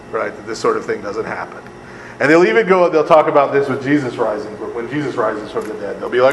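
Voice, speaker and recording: At medium pitch, slightly fast and with a fairly bright tone, a priest delivers a Bible study lecture conversationally. He asks "right?" a lot, laughs and throws in sarcastic asides. There's long reverb in the echoey room and a faint air conditioning hum.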